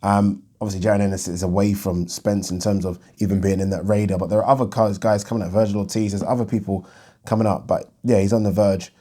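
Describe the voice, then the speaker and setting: A man's voice: on the low side, little pitch movement, fast talker, dark tone. A man hosting his own boxing channel, chatting bluntly about the news and thinking aloud with plenty of ums. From United Kingdom. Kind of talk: casual solo commentary on boxing news.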